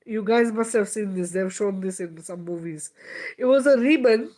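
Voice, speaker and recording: A woman with a mid-pitched voice leads a spiritual healing talk. She speaks in a casual, emphatic way, swearing freely and laughing often. She keeps checking in with her listeners by asking "right?". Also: moderate pace, mellow. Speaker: spiritual teacher. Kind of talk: spiritual teaching monologue.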